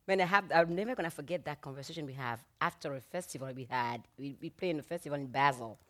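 A middle-aged woman from Benin, a musician telling animated stories and acting out the people she quotes. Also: low-pitched, fast. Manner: acts out quoted voices, laughs often. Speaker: musician guest. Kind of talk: animated storytelling.

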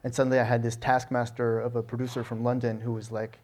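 A middle-aged man from Alabama talks quickly in a fairly level tone. He tells stories in an interview and keeps stumbling into restarts and "you know"s. He sounds like a guest chatting easily. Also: medium pitch. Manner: animated storyteller with frequent restarts and "you know". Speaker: guest, novelist. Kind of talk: conversational interview answers.

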